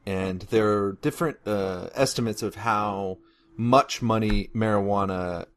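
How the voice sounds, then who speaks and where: Low-voiced man explaining with many ums. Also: unhurried. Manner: informative, hesitant with many "um"s. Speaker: podcast co-host. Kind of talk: casual discussion.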